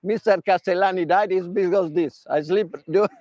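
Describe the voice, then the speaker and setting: An Italian man speaking non-native English with an Italian accent, giving an animated workshop talk as a tennis mental coach, in broken English with demonstrations. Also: sits high, normal speed, no echo.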